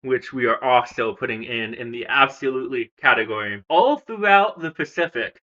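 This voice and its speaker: A man's voice: mid-range voice, lively intonation, normal speed, sharp tone, lo-fi sound. A young man from the United States hosting a casual language video, rambling and chatty with frequent fillers and restarts. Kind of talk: casual ranking commentary.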